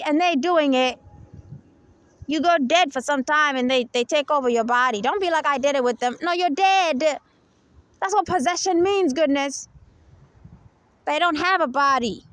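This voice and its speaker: A woman with a very high voice talks straight to her listener in a close, dry recording. She is emphatic and presses point after point with rhetorical questions, like a host delivering a religious monologue. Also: a bit bright, dry recording.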